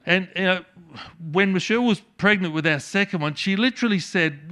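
A middle-aged man preaching a sermon, swinging from loud emphatic peaks to soft hushed endings. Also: sits high, brisk. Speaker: pastor.

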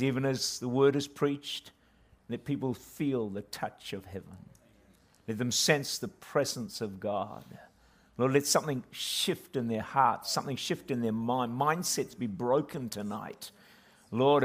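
A guest pastor speaking at a church service, opening with a self-deprecating joke and then praying earnestly. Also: male voice, mid-range voice, measured pace. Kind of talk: sermon opening and prayer.

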